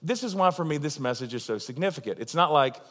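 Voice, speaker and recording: A man's voice: a little high, animated, fast talker, a bit bright, big-room sound. A man preaching a sermon in an earnest, emphatic, conversational way, with frequent asides to the congregation. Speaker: pastor.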